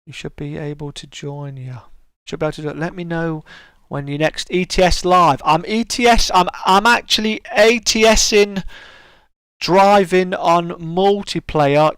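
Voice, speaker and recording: A man's voice: sits high, measured pace, a bit bright, clear, resonant tone, dry recording. Laid-back British man chatting on stream. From United Kingdom. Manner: laid-back, chatty, reads out and answers viewer comments. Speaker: live stream host. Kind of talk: casual live-stream chat.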